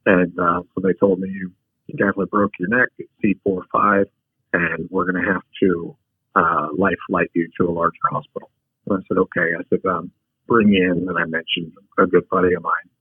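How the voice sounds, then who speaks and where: Husky man telling his story over a tinny line. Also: deep voice, fairly quick, dry recording. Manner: frank, take-charge storyteller with many restarts. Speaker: podcast guest. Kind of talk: personal storytelling.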